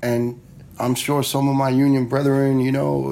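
A retired fire lieutenant from the New York area tells personal stories casually, bluntly and frankly, swearing freely and acting out the dialogue he quotes. His mid-range voice is creaky and warm, delivered flatly at normal speed.

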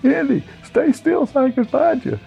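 Frantic squeaky boy scout. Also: expressive, normal speed, creaky, mellow, muffled recording, soft background music, exaggerated voice. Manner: frantic high-pitched calling. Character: panicked earnest boy scout searching in the dark.

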